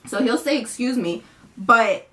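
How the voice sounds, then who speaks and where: Young woman with a higher-pitched voice, venting to camera at home, rambling and frustrated. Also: animated, unhurried, bright, forceful tone. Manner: rambling, frustrated, swears casually. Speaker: vlogger.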